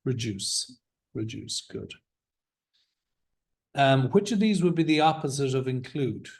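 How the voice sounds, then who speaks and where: A man's voice: mid-range voice, sing-song, a little slow, a little mellow. A man teaching a classroom vocabulary lesson, encouraging his students and drilling the words aloud with them. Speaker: English teacher.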